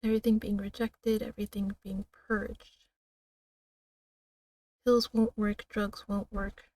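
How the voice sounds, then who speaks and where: A woman streamer reading a narrative game aloud in a slow, dramatic way, now and then breaking off with laughs and asides. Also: mid-range voice, level tone, mellow, distant mic, slight background noise.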